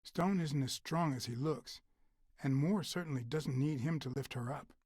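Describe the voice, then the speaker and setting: An actor playing a grown male cat private detective in a video game, speaking calmly and deliberately with a husky voice. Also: medium pitch, no room sound, studio quality, close to an everyday voice. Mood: calm probing. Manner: calm, questioning, deliberate.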